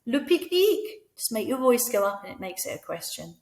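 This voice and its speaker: A woman teaching French to fellow teachers, patiently explaining and slowly modelling each word. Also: mid-range voice, reverberant. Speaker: teacher trainer. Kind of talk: instructional voice-over lesson.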